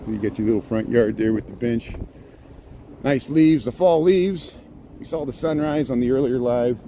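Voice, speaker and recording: A middle-aged man rambles cheerfully into his phone as he strolls down a city sidewalk on a live stream. His voice sits at an ordinary middle pitch, and faint street noise hums underneath. He chats loosely and calls out to viewers by name. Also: moderate pace, mellow, rough recording. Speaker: live-streaming walking vlogger. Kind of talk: casual live-stream narration. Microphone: phone held while walking.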